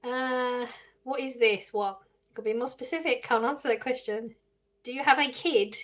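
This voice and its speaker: A woman's voice: a little high, normal speed, a bit bright. An English woman live streaming, reading viewers' questions aloud and answering them casually with frequent laughs. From England. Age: adult with children.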